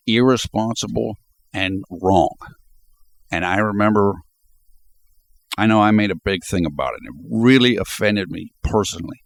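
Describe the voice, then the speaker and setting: A man with a notably low, deep voice talks to his viewers in a loose vlog style. He speaks off the cuff and reflects as he goes. He delivers sports commentary at an easy pace. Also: dry recording. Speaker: sports video blogger. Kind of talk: casual spoken commentary.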